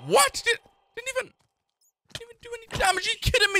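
Hyped high-pitched young man gaming. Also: wildly swooping pitch, quick pace, soft background music. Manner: hyped, yelling complaints at the game. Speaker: gaming YouTuber. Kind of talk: excited gameplay commentary.

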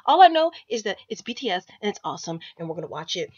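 Breathy, excitable young woman reacting. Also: mid-range voice, fast. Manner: gushing, breathless fan excitement. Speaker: YouTube reactor. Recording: muffled lo-fi recording with faint music.

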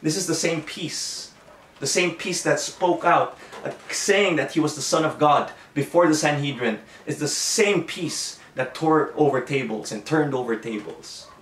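An unhurried pastor with a fairly high, somewhat bright voice gives an earnest sermon at home, repeatedly restarting and correcting himself. Recorded from a distance in an echoey room, he sounds slightly off-mic over a little hiss or hum.

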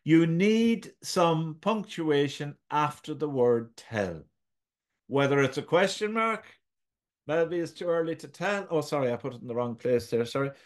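A man leads a writing lesson over a shared screen. His voice sits a little high, and he speaks gently, pausing and restarting his phrases. He is heard through a computer mic. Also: expressive. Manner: hesitant, self-correcting, gentle. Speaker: writing tutor.

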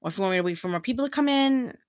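A woman's voice: a little high, expressive, rapid-fire, no echo, clean studio sound. A middle-aged woman hosting a free tarot reading livestream, chatting casually, giggling often and reading viewer comments aloud.

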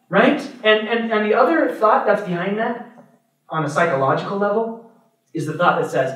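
A fairly high-voiced man teaches as a priest, speaking loosely and checking in with his listeners. His voice bounces around a very echoey room. He sounds set well back from the microphone. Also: lively intonation, moderate pace, fairly bright tone. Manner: conversational, checks in with "right?" and "okay?"; acts out other people's thoughts in little voices. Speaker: Catholic priest teaching adults. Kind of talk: parish adult-formation talk. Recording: very echoey room, mic far off.

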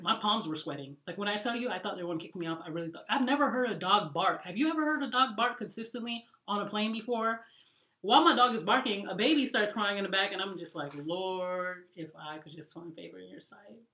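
A woman vlogging travel tips in a chatty, animated way, talking to viewers as y'all. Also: mid-range voice, reverberant. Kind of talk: casual storytelling vlog.

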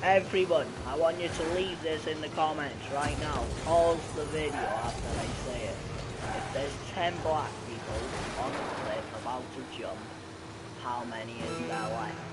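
A man's voice: medium pitch, fairly even intonation, normal speed, very noisy. A young man giving crude, profane gameplay commentary. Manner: crude, profane trash talk. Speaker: gamer.

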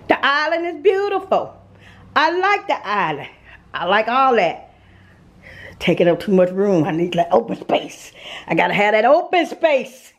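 A Southern American woman giving a chatty home-tour vlog, talking straight to her viewers with frequent laughs, filmed on a handheld camera inside a show home. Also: fairly high pitch. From Mississippi, USA. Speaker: vlogger. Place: indoors in show manufactured homes. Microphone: handheld phone camera, later a small tripod.

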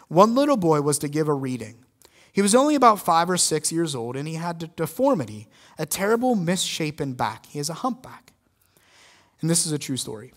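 Emphatic male pastor preaching. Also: fairly high pitch. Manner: emphatic, swings from loud stress to quiet intensity. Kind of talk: sermon.

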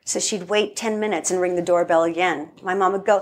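A woman's voice: fairly low pitch, steady tone, fairly quick, noisy background. A woman, a guest filmmaker, tells family stories in a casual interview and acts out the quotes.

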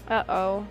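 A woman's voice: fairly high pitch, muffled recording. A young woman streaming a game, chatting casually and jokingly with her viewers. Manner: animated, joking, talks to chat. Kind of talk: casual gaming livestream chat. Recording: faint game music behind.

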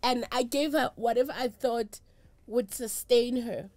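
In a dry recording, a middle-aged woman with a South African accent talks at a measured pace, her voice a little high and a little mellow. She is a traditional healer giving a candid, emphatic, emotional interview, mixing English with Zulu and Sotho.

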